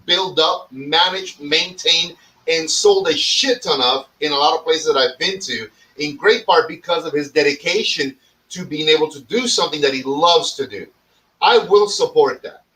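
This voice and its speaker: A man talks casually on a podcast, animated and mock-dramatic, cursing freely. His voice is bright and a bit high. He sits somewhat back from the microphone. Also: far from the mic, rough recording. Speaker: podcast host. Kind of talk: casual profane chat.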